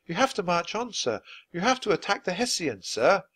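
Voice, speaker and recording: A man voicing a spirited young girl in a storybook read-aloud, with a high, childlike pitch. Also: expressive, normal speed. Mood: pleading.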